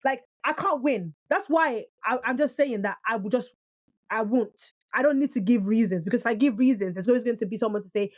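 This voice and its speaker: A young woman from Nigeria co-hosting a podcast in casual, argumentative chat. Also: on the high side. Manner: animated, argumentative, quick to protest. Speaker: podcast co-host.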